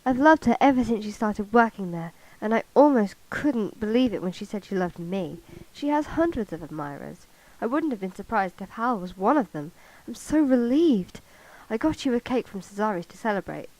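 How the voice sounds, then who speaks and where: A woman reading a novel aloud and voicing a jubilant, lovestruck young man who gushes with excitement, recorded on a cheap karaoke mic. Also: medium pitch, moderate pace, hardly any pauses, natural voice, low-quality recording. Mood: excited. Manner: excited, gushing.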